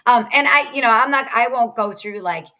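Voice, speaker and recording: A woman in her thirties chatting as a podcast guest. Her voice is bright and a bit tense, and her delivery is lively and quick. She gives practical sales tips in an easy, talkative way. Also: a little high. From Ohio. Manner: energetic, quick, chatty with laughs. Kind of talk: casual interview chat.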